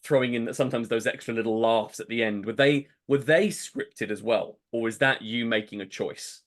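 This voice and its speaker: A man's voice: medium pitch, normal speed. A man with a mid-range voice hosts an interview podcast. He asks long, winding questions full of small restarts, and he laughs easily along with his guest. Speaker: podcast host. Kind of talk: casual interview chat.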